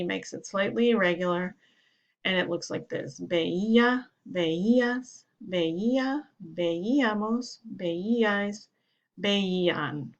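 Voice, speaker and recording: A woman's voice: medium pitch, a bit bright, muffled recording. A woman Spanish teacher giving a grammar lesson, explaining steadily and following each example sentence with its translation.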